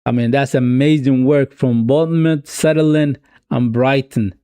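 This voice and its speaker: A man with a Swedish accent streaming a live football watch-along, excitedly cheering on his team and chatting casually with viewers. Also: medium pitch, unhurried, clear, resonant tone, dry recording, studio quality. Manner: self-mocking, casual asides to viewers.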